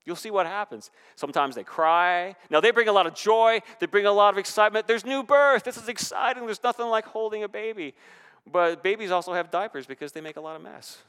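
A male pastor preaching to his congregation with lively, swelling emphasis. His voice sits a little high and sounds smooth and resonant. It carries a long reverb from the church hall around him. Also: fairly quick. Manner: animated preaching with rising and falling emphasis. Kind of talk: sermon. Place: church sanctuary.

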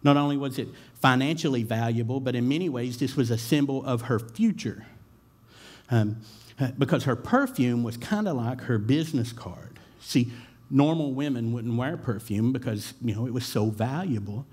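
A man's voice: medium pitch, normal speed, a little mellow. Preaching man with a conversational style. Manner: conversational preaching with filler words and repeated starts. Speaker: pastor. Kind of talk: sermon.

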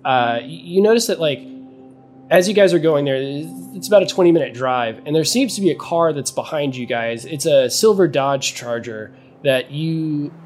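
A man's voice: on the high side, normal speed, darkish tone, faint music behind. A man narrating as game master of a tabletop role-playing game, loose and giggly with frequent restarts.

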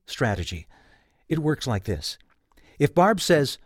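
A middle-aged man hosting a podcast, narrating a personal story in a reflective, wry, clearly articulated way. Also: medium pitch, sing-song, a little slow, no room sound, studio quality. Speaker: podcast host.

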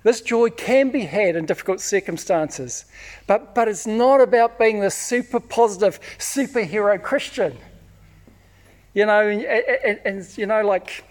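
A man preaching a sermon, telling personal stories in an animated way, acting out shouts and often repeating words. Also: sits high, a little slow. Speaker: pastor.

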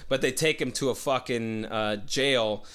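A man's voice: medium pitch, measured pace, fairly bright tone, clear, resonant tone. A man telling a long story in casual chat, swearing a lot and acting out the voices of the people in it. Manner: profane, rambling, acts out voices.

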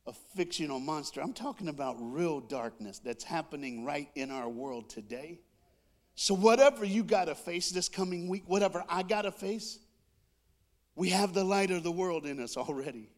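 A male preacher telling a comic story in a sermon, animated, with sound effects and call-and-response. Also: a little high.

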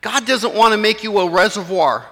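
A man's voice: sits high, moderate pace, bright, forceful tone, long reverb tail. A man, preaching a sermon in a church in a conversational way and acting out the voices of his listeners. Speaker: pastor.

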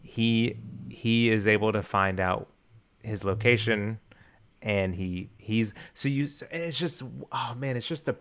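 A man's voice: lowish voice, a little slow, fairly bright tone, clean tone. A man co-hosting a podcast, talking casually about a film with enthusiasm, restarting his sentences often. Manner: enthusiastic, rambling with many restarts and fillers. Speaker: podcast co-host.

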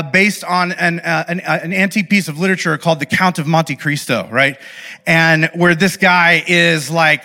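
A young man speaking to a live audience in an animated, playful way, often checking in with the audience. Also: fairly high pitch. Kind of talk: lively talk to a live audience.

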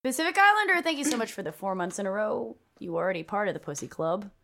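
A woman guest on a podcast, chatting casually and telling animated stories with swearing. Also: mid-range voice, quick pace, gravelly. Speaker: podcast guest, musician and streamer. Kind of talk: casual chat.

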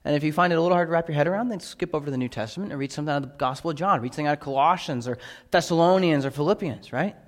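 A man's voice: fairly high pitch, rapid-fire, in a large hall. A man preaching a sermon with emphasis, often checking in with the congregation with "right?". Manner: emphatic, repeatedly asking "right?". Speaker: pastor.

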